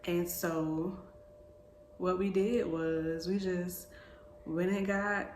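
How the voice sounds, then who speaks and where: Woman in her twenties, vlog storyteller, lively slangy delivery, somewhat low voice, echoey room. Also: extremely slow, a little hiss or hum. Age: 20s. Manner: animated, slangy, repeating phrases. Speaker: vlogger. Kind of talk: casual storytelling. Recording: echoey room with faint ambience.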